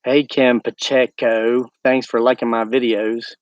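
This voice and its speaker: A rambling American man chats with viewers on a night-time livestream from his homestead. His voice sits at an everyday middle pitch and comes through dry and a little dull, with no room around it. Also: flat delivery, a little slow, no echo. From United States. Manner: chatty, rambling, talks to live viewers. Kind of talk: casual livestream chat. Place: outdoors at night by his woods.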